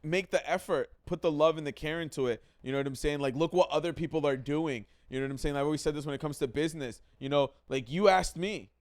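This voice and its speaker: A man's voice: a little high, fast talker, few pauses. A man hosting a casual podcast, talking emphatically, swearing freely and repeating himself for stress. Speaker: podcast host, comedian.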